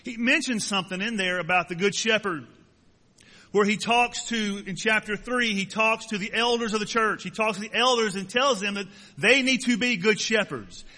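Middle-aged male pastor, high bright voice, folksy sermon delivery with jokes, church reverb. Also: moderate pace. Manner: folksy, joking asides to the congregation. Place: church sanctuary.

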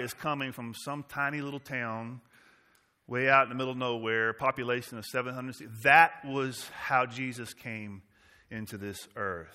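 A man's voice: medium pitch, bright, forceful tone. A man from Massachusetts preaching a sermon to his church, emphatic, with his volume rising and falling. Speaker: pastor.

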